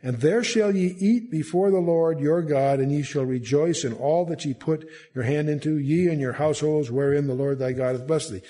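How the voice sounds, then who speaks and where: A man's voice: on the high side, moderate pace, hardly any pauses, mellow. An older man teaching a Bible study, reading scripture aloud and then explaining it with frequent restarts and filler words. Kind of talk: verse-by-verse Bible study lecture.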